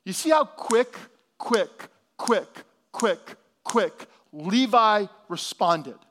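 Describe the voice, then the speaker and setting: A pastor preaching a sermon, swinging from hushed, low lines to loud, emphatic ones. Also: male voice, animated, drawn-out words. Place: church hall.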